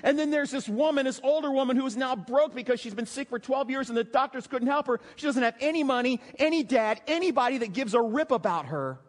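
Animated pastor preaching in a big reverberant hall. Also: male voice, very high-pitched, fast talker, few pauses. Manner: animated storytelling, drops to hushed emotional tones. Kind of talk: sermon.

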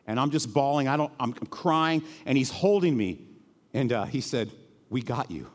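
A middle-aged male pastor preaching a sermon in a church, earnest and emotional, dropping to hushed tones and then rising to emphatic peaks. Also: mid-range voice, lively intonation, normal speed, in a large hall. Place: church sanctuary.

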